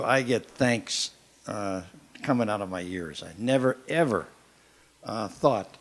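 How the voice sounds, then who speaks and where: An older man giving informal announcements at a meeting, speaking plainly with frequent pauses and fillers. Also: lowish voice. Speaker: event organizer. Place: meeting hall.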